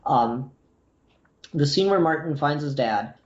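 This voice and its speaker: Mellow voice in an echoey lo-fi room. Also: medium pitch, lively intonation. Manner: measured, hedging, thinks aloud. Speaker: podcast guest. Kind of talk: casual comic book review chat. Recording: dull echoey lo-fi audio.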